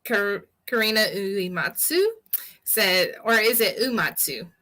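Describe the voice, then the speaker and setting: A woman's voice: mid-range voice, unhurried, pushed and bright. A woman co-hosting a livestream, laughing often as she reads out viewer comments. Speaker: co-host reading comments. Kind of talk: casual livestream chat.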